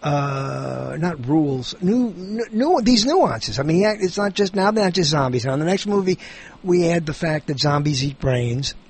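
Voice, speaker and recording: A man's voice: a little high, lively intonation, normal speed, breathy edge. A man in casual conversation who stops often to search for the right words. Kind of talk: casual chat.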